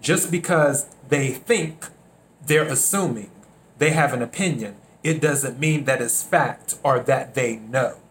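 Slow-talking man hosting a podcast. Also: mid-range voice, a little hiss or hum. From South Carolina. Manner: unhurried, repeats phrases, acts out little dialogues. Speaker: podcast host. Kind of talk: reflective solo monologue.

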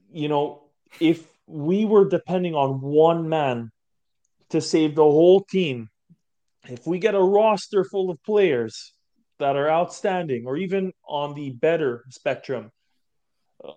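A man's voice: fairly high pitch, very animated, slow pace, dark tone, highs cut off. A man co-hosting a sports podcast in casual chat, firm and argumentative in how he makes his point. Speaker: podcast co-host.

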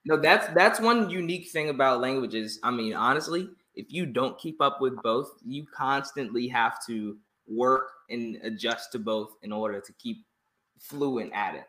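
A man's voice: medium pitch, moderate pace. Young male host, eager and upbeat, laughs a lot, mid-range voice, roomy echo. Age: young adult. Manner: excitable, laughs often. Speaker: podcast host. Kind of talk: casual interview.

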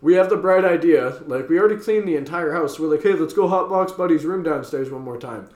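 Brisk and fairly high-pitched with a darkish tone, a young western Canadian podcast co-host tells a rowdy story. He keeps it casual, swearing freely and laughing as he goes, in a room with noticeable echo.

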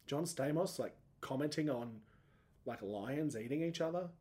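A man's voice: mid-range voice, animated, moderate pace, darkish tone. A man in his thirties hosting a solo podcast, rambling and self-mocking, his voice cracking upward when he gets emotional. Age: 30s. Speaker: podcast host.

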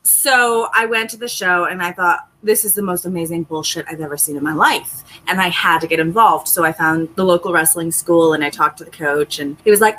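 A woman's voice: on the low side, a little fast, few pauses, sharp tone, rough recording. A young woman, an independent pro wrestler, chatting candidly as an interview guest and telling self-mocking stories. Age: young adult. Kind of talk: casual interview chat.

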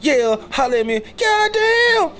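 A man voicing a hyped male radio DJ who shouts out to listeners. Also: extremely high pitch, very animated, slow, a little hiss or hum, full character voice. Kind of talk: comedy skit voices.

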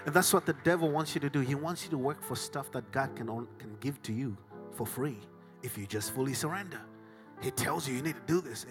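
A middle-aged man from Africa with a Southern African accent, preaching a sermon, swinging from hushed whispers to shouted climaxes. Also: mid-range voice, a little fast, over music. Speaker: pastor.

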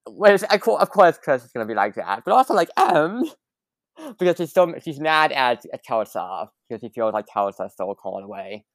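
A woman's voice: rumbling low, very animated, a little fast, dry recording. A woman podcast host in casual chat, recapping a movie's plot with lots of fillers and little laughs.

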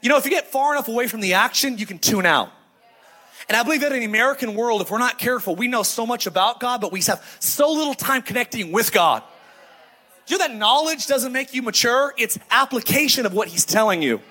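A man's voice: very high voice, lively intonation, fast talker, bright, forceful tone, husky. A middle-aged man preaching a sermon to a congregation, telling stories casually and acting out the voices of the people in them. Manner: conversational storytelling, acts out quoted voices. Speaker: pastor. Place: church sanctuary before a congregation. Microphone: handheld microphone.

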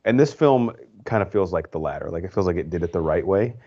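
Low-voiced man chatting on a podcast. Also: expressive, fast, warm tone. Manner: rambling, filler-heavy, opinionated. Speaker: podcast co-host. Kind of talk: casual movie review chat. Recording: dull lo-fi podcast audio.

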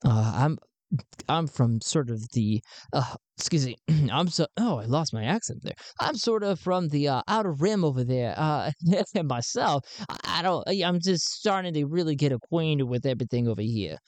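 A man's voice: mid-range voice, expressive, measured pace, a little mellow, no echo. A man voicing a shy young newcomer who stammers and hesitates. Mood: hesitant. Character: shy young male newcomer from the outer rim.

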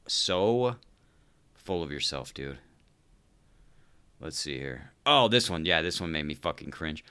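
This man's voice is very deep, expressive and clean with a sharp edge, and he speaks unhurriedly with long pauses. Hosting a podcast, he rants with sarcasm and exasperation, cursing constantly and tossing around "dude" in a profane comedic tirade.

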